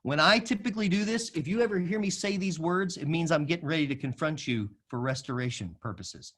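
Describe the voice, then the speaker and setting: Lively male speaker, sermon-style talk. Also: brisk. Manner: emphatic, varies loudness widely, drops to a soft low voice for quoted lines; calls on the audience to repeat phrases. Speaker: speaker at a school of music forum.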